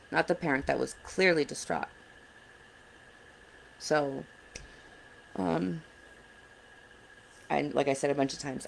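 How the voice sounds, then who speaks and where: A woman's voice: low-pitched, gravelly, slight background noise, poor audio. A woman in her thirties giving earnest, blunt advice to other parents in a casual vlog, sounding frustrated. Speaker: parent advocate vlogger. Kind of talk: casual direct-to-camera advice.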